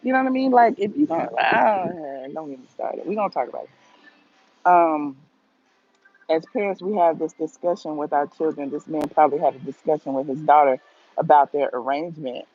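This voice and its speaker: Gravelly, husky woman on a tinny livestream. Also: low voice, brisk. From Atlanta, USA. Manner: opinionated, talks straight to viewers, reads out comments. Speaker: gossip vlogger answering live chat. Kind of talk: casual livestream commentary.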